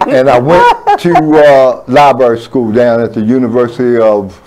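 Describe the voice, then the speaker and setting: An older retired man in a radio interview, recalling his career with many pauses. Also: medium pitch, very animated, a loud crowd, poor audio. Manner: reminiscing, hesitant with fillers. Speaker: guest. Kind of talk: casual interview talk. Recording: faint background noise.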